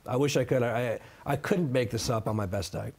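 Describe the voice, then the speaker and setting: Speaking fairly quickly in a mid-range voice that's a little mellow with a breathy edge, a middle-aged man gives a seated interview. As the guest, he tells his story emphatically and keeps adding "okay?" for emphasis.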